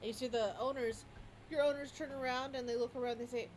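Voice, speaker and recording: Upbeat woman game master, bit high, narrating. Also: fast talker, slight background noise, poor audio. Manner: lively, stumbling narration with frequent restarts.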